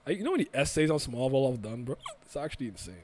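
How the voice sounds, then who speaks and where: A man's voice: medium pitch, sing-song, rapid-fire, a little hiss or hum. A young man co-hosting a casual podcast, rambling through restarts and swearing freely as he chats. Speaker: podcast co-host. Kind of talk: casual chat.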